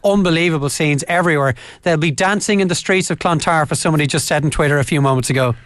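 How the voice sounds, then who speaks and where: An Irish man giving a live radio sports report, excited and quick. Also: a little high, dry recording. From Ireland.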